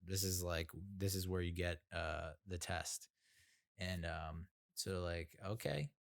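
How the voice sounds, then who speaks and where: Low-voiced sarcastic rambling man. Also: flat delivery, takes it slowly. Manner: rambling and sarcastic, full of fillers. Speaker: podcast host. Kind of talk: casual storytelling monologue.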